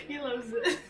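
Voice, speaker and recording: A woman's voice: on the high side, fairly bright tone, distant mic. A woman streaming a game, chatting casually and cooing baby talk at her dog between laughs. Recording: roomy, a bit off-mic, faint game music.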